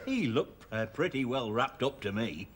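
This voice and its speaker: A man's voice: medium pitch, very animated, normal speed, natural voice. A middle-aged man playing a stingy shopkeeper who stammers. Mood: teasing. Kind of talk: sitcom acting. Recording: noisy TV sitcom recording.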